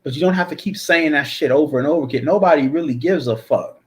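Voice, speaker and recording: A man's voice: fairly high pitch, fast talker. Blunt, profane man ranting. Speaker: channel host. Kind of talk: casual ranting commentary.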